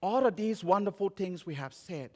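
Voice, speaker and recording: A man from Liberia with a Liberian accent, preaching a sermon and telling stories, moving between emphatic raised phrases and quiet low ones. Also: animated, normal speed. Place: church sanctuary. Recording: church sanctuary with long reverb.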